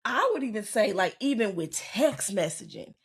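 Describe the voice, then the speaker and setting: A woman co-hosting a podcast with a mid-range voice, talking in an easy, conversational way. She circles back to repeat her points and uses relaxed everyday slang. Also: medium pitch, moderate pace, breathy edge. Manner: conversational, repeats phrases, speaks in relaxed vernacular. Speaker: podcast co-host. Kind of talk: casual chat.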